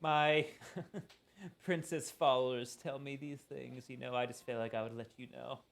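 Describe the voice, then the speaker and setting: A man's voice: medium pitch, fairly even intonation, unhurried, creaky. A man voicing a vain, catty teenage girl influencer in a tabletop role-play, gushing and slangy with dismissive sighs. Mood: gossipy.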